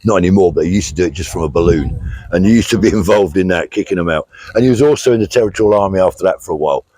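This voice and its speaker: He talks rapid-fire in a low, slightly mellow voice, captured in a dry recording. The speaker is a middle-aged British man hosting an informal vlog outdoors on a country charity walk, chatting plainly and thanking donors aloud, with many fillers.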